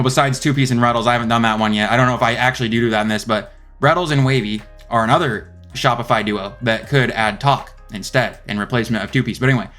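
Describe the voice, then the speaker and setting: A young man talks quickly through his rankings in a loose, rambling way, stopping to correct himself mid-thought. His pitch sits in the middle range for a man. Faint guitar music plays under his voice. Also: fairly bright tone. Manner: rambling, thinks aloud with many self-corrections. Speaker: esports video host. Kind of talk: casual commentary ranking rosters.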